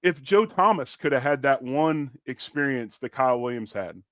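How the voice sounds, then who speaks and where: A man's voice: mid-range voice, animated, moderate pace, fairly bright tone, no echo, studio quality. A man co-hosting a sports podcast, talking in a passionate, emphatic way and repeating words when he gets fired up. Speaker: podcast co-host. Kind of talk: casual sports talk.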